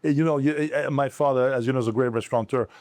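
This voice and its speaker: A man, a restaurant owner telling stories in an interview, halting and repeating words. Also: medium pitch, steady tone, darkish tone, no room sound. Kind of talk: casual storytelling interview.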